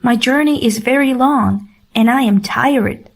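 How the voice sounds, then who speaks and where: A woman voicing a gentle, curious young boy prince in a storybook, asking earnest questions. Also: a little high, unhurried, creaky. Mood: tired.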